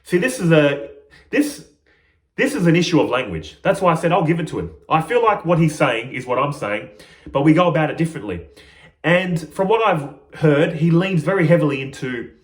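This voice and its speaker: Man, spiritual teacher, reflective monologue, playful, laughs at himself, swinging pitch, echoey room. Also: animated, normal speed.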